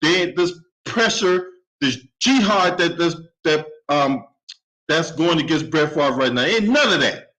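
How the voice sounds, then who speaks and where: A man with a high-pitched voice rants angrily through a solo sports commentary. He swears freely and keeps pushing his point with a sharp "right?". His anger stays steady and heated all the way through. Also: measured pace, poor audio. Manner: profane, heated, repeatedly asks "right?". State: openly angry. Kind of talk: angry solo commentary rant.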